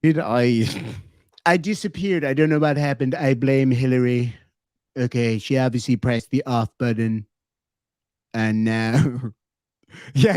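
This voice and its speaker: A man's voice: medium pitch, fairly even intonation, takes it slowly, long pauses, a little mellow, no echo, studio quality. A man with an Irish accent hosting a livestream, reading super chats aloud in a joking, playful way. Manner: joking, playful, laughs often. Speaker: livestream host.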